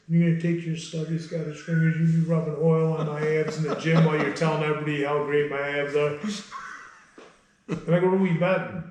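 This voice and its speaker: A man working as a personal trainer, talking in a casual interview, telling blunt stories and cracking jokes. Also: mid-range voice. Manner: blunt, storytelling, quick to joke. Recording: very echoey room.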